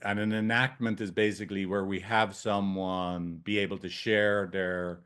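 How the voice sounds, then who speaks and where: Jokey, swearing male therapy trainer. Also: on the low side. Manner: loose, jokey, profane, tangents. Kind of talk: casual training talk.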